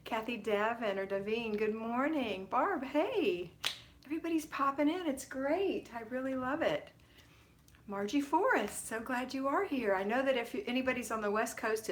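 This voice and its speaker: A woman's voice: on the high side, fairly bright tone. A middle-aged woman hosting a casual homemaking livestream from home, greeting viewers by name in an affectionate, chatty way. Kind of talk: casual live-stream chat.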